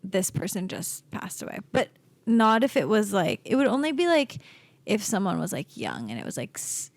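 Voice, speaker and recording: A young woman co-hosts a podcast in an easy, rambling chat, stacking filler words as she thinks aloud. Her voice has a steady gravelly fry and sits at a middle pitch. The sound is close and dry. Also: moderate pace, no room sound. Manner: chatty, lots of "like" fillers. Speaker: podcast co-host. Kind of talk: casual chat.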